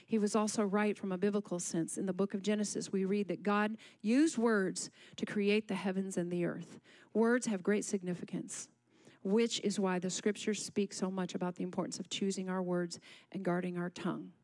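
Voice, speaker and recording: A woman's voice: mid-range voice, steady tone, moderate pace, a little mellow, no echo. A woman preaching a sermon at a church service, asking the congregation questions and calling for responses.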